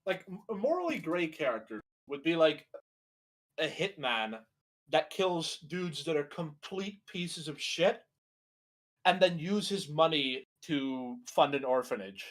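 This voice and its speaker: A young man on the high side, animated but measured in pace, co-hosts a video reaction. He riffs loosely, swearing and rambling with plenty of fillers.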